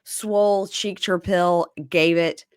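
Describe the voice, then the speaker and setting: Female co-host, young adult, low-pitched, dry close sound, retells scenes with quoted voices. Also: slow pace, clean tone, dry recording. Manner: retells scenes, quoting people in lively voices. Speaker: podcast co-host recapping a reality show. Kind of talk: casual chat.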